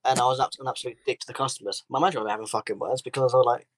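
A man's voice: mid-range voice, very fast, dry recording, poor audio. A man co-hosting a podcast, telling workplace stories in casual chat and swearing freely. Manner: swears freely, animated storytelling. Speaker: podcast co-host.

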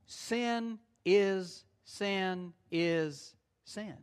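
A man in middle age delivers a sermon with a notably high-pitched voice. He talks to his congregation conversationally, repeating key phrases and acting out quick back-and-forth asides. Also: lively intonation. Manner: conversational preaching with repetitions and acted-out asides. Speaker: pastor.

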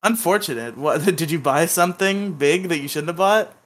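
A man's voice: on the high side, normal speed. Laughing, joking podcast host man. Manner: laughs often, joking and upbeat. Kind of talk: casual podcast chat.

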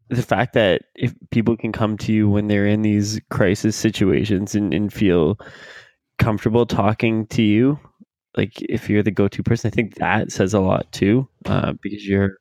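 A man's voice: fairly low pitch, darkish tone, no room sound. A man co-hosting a podcast, giving laid-back advice with frequent laughs. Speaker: podcast co-host. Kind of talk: casual chat.

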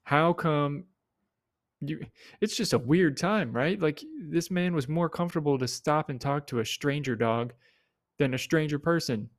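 A man's voice: measured pace, dry recording, clean studio sound. A young man hosting a solo podcast in a rambling, casual way, with offhand swearing. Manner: rambling, swears casually, mimics people in high voices. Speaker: podcast host.

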